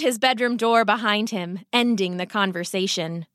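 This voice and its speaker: A woman reading a children's storybook aloud in an expressive, gentle way. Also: mid-range voice, moderate pace, few pauses, no room sound, studio quality.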